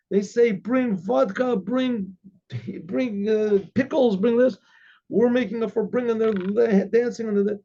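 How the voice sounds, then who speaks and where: Rabbi storyteller, high husky voice, dull lo-fi recording. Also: male voice. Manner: animated, halting with restarts. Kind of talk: oral storytelling.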